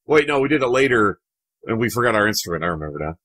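A man's voice: lowish voice, sing-song, racing, over music. A man hosting a let's play, making casual, self-mocking joking asides as he reads a dating game.

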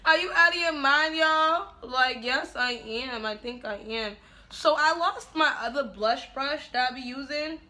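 In a high, sharp-toned voice, this woman speaks unhurriedly while vlogging at home. It's a casual get-ready-with-me chat where she does her makeup and cooks dinner on film, brash and profane and frequently bursting into laughs.

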